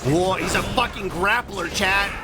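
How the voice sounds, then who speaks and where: A man's voice: sits high, sing-song, brisk. A young man streaming a video game, chatting casually with goofy, absurd quips and repeated silly noises, game music behind. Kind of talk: casual gameplay commentary.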